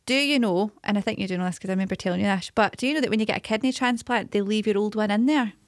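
A woman's voice: mid-range voice, racing, no echo, studio quality. A woman co-hosting a podcast, chatting in a blunt, matter-of-fact way. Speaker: podcast co-host. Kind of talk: casual chat.

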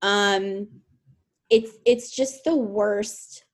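Soft-spoken young woman recounting a loss. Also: mid-range voice. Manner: soft-spoken, halting, with many fillers. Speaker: podcast guest. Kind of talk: emotional personal interview.

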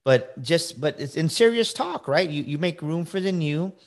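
A man's voice: fairly high pitch, animated, normal speed. A middle-aged man on a podcast, giving casual motivational advice in an emphatic way, often repeating words and checking in with "right?". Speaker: podcast guest, coach.

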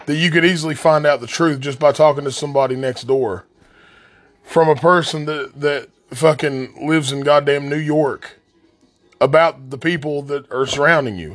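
A man from the West Virginia coal fields with an Appalachian accent, hosting a podcast as a blunt, angry, heavily profane solo rant. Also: fairly high pitch. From southern West Virginia coal fields. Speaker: podcast host.

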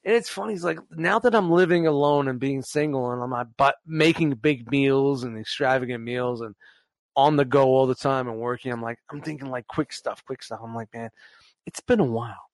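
A man's voice: mid-range voice, brisk, dry recording. A man in his forties chatting casually, telling stories animatedly with laughs and swearing. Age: 40s. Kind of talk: casual chat.

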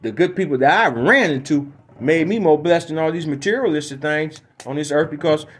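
A man's voice: on the high side, animated, a little fast, slight background noise. A man from Detroit hosting a podcast, telling comic stories and opinions in a rambling, repetitive, emphatic way. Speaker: podcast host. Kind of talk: casual comedic storytelling.

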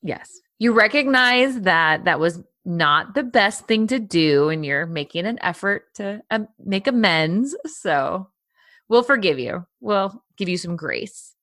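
A woman's voice: mid-range voice, lively intonation, slow, a bit bright. A woman hosting a casual podcast chat, leading segments and laughing often. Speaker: podcast host.

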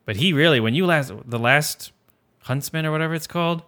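Guy rambling about movies on a podcast, bright voice, laughs a lot. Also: on the high side, brisk. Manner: rambling, self-correcting, laughs often. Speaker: podcast co-host. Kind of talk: casual movie chat.

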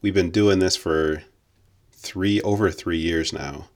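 A young man with a very low voice co-hosting a podcast. He chats casually and jokingly, laughing often and scattering fillers through his talk. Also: fairly even intonation, slow. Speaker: podcast co-host. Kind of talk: casual chat.

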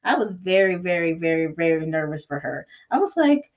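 A woman's voice: on the low side, sing-song, brisk. A young woman chatting casually about a book, acting out her own reactions in quoted asides. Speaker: book discussion guest.

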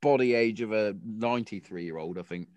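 A podcast host in his thirties chats casually from his home garden shed, telling blunt, sweary, jokey stories. His voice is lowish and a little mellow, at a moderate pace, with no room sound.

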